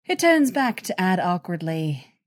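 Slow, expressive woman narrating fan fiction. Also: on the low side. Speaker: reader, narrator.

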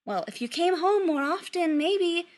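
A woman's voice: extremely high pitch, lively intonation, measured pace, voice pushed up. A woman voicing a bubbly, doting middle-aged witch mother who chatters sweetly. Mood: chattering.

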